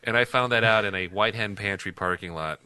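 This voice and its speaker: A man in his thirties co-hosting a podcast, telling a story in an animated, laughing way. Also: fairly low pitch, a little fast, clear, resonant tone, no room sound. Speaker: podcast co-host. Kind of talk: casual storytelling chat.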